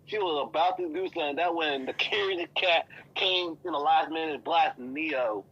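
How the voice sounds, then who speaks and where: A man's voice: a little high, normal speed, a bit bright, breathy edge. Laid-back young guy on a dull call line. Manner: laid-back, short slangy replies. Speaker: guest co-reviewer. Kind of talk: casual chat on a call.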